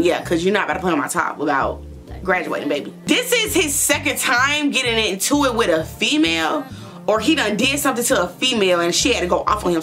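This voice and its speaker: A young woman vlogger telling a storytime in a blunt, profane, animated way, laughing often. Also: mid-range voice. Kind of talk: storytime chat.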